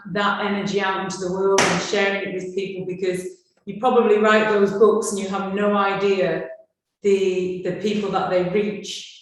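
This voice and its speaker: A woman's voice: medium pitch, a little hiss or hum. A woman participant thanking a speaker, appreciative and slightly hesitant. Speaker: retreat participant. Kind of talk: casual chat. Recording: very echoey room.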